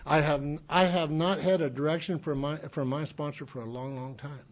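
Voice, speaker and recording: A man from Montana tells a long story at a recovery meeting in a loose, folksy way. He restarts his sentences and chuckles as he goes, in a voice slightly higher than most men's. The sound is dull and lo-fi, like an old cassette recording. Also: fairly even intonation, moderate pace. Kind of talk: storytelling talk.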